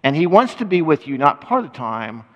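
A man's voice: on the high side, very animated, fairly quick, a bit bright, dull audio. An older man preaching a sermon as a pastor, talking conversationally, with restarts and short laughs. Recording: long hall reverb.

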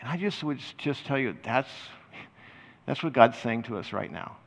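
Older male pastor, conversational preaching, expressive delivery, big echoing church. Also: mid-range voice, moderate pace, gravelly. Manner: animated, conversational preaching with laughs and restarts. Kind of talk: sermon. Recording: long hall reverb.

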